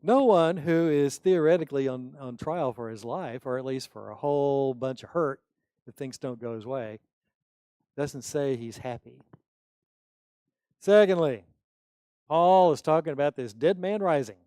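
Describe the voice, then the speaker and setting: Slow, mellow-voiced preacher. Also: male voice, medium pitch, clear, resonant tone, no room sound. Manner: reads scripture, then explains it in conversational asides. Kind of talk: sermon.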